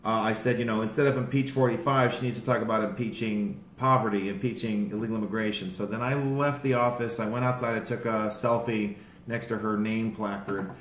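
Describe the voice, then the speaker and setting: A man excitedly recounting his day to a small group, rambling and growing heated as he goes. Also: lowish voice, fairly quick. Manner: excited, rambling, grows louder and more heated. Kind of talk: casual storytelling to a small group. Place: outdoors in a city, among supporters. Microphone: handheld phone held by a bystander. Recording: echoey with background noise.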